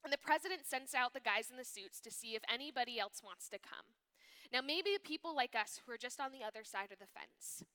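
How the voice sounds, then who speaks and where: A woman speaking at a youth ministry, giving a sermon reading with expressive delivery and hushed, whispered asides. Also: fairly high pitch, brisk.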